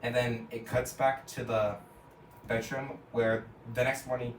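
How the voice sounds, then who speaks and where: A man's voice: mid-range voice, flat delivery, a little slow, slight background noise. A man casually retelling a cartoon episode scene by scene, rambling with lots of "and then" and "like". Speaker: storyteller. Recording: echoey room, from a distance.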